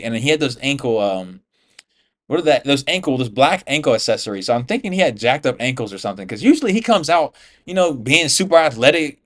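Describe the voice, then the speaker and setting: A man from the US talks through fight results in a loose, offhand reaction vlog. His speech is full of slang and swearing, and he drops "bro" every few words. His voice sits at an ordinary, middle pitch for a man. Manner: slangy, profane, says "bro" constantly. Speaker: MMA YouTuber. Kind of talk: casual fight reaction commentary.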